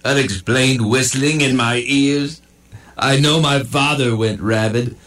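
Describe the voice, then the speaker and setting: A man's voice: medium pitch, steady tone, slow pace, fairly bright tone. A man voicing a foul-mouthed cartoon dog. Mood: rattled. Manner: sarcastic, crude and swaggering. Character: crude, foul-mouthed adult male dog. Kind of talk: cartoon voice acting.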